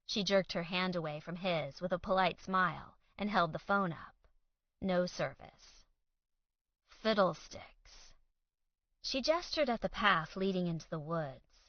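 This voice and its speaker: A woman's voice: on the low side, no echo. Female audiobook narrator, dry and wry. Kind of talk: scripted narration. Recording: dry, slightly dull studio sound.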